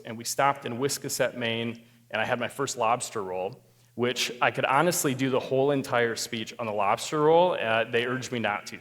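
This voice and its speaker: Man telling a funny story in an echoing hall. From Sioux Falls, South Dakota. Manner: animated storyteller, self-mocking humor, gets louder and higher at climaxes. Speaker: marriage therapist speaking at a church group. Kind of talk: storytelling talk to a live group.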